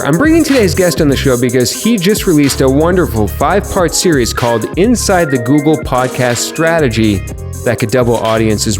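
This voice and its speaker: A man hosting a marketing podcast, introducing his guest in an upbeat way and asking him questions. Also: mid-range voice. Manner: upbeat, playful announcer voice at times. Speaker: podcast host.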